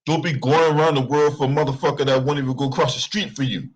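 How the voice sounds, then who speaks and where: A man's voice: mid-range voice, fairly even intonation, fast. A man hosting a sports commentary channel, talking casually with profanity and mocking laughter.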